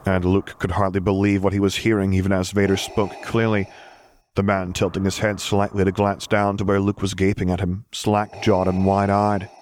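A man narrating a story in a steady, gentle audiobook reading. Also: low-pitched, moderate pace, slight background noise.

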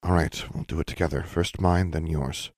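A man's voice: extremely low pitch, fairly even intonation, normal speed, a little mellow, no room sound, studio quality. A man voicing a wary teen necromancer girl. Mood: guarded. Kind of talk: audiobook character voice.

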